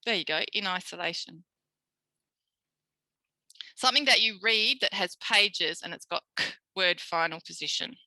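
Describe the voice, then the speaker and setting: An Australian woman, a speech pathologist, giving a recorded tutorial lecture in a lively way, acting out quoted voices. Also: fairly low pitch, normal speed, long pauses, dry recording, low-quality recording. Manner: animated, acts out quoted voices.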